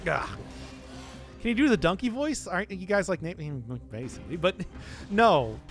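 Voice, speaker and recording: A man's voice: high-pitched, expressive, normal speed, soft background music. A young man streaming a video game, chatting casually, answering chat and laughing at himself often. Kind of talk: casual gameplay commentary.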